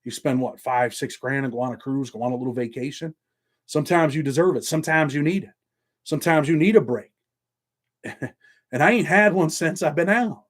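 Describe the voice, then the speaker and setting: Man, middle-aged, blunt, streetwise, swears a lot, slightly high voice, casual monologue. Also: fairly quick. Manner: blunt, streetwise, profane and conversational. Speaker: YouTube channel host.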